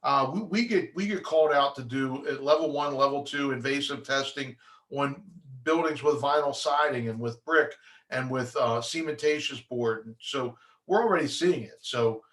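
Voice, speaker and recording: A man's voice: mid-range voice, a bit bright. A man, a mold inspector, giving a conversational presentation on mold testing. He explains with plenty of fillers and restarts, and now and then acts out a lab's replies. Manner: acts out lab replies in quick asides.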